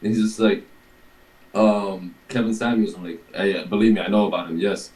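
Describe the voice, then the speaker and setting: A man's voice: fairly low pitch, fairly even intonation, fairly quick, darkish tone, roomy sound, poor audio. A man in casual chat, telling a rambling story and acting out other people's quotes, with a lot of swearing. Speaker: guest telling a workplace story.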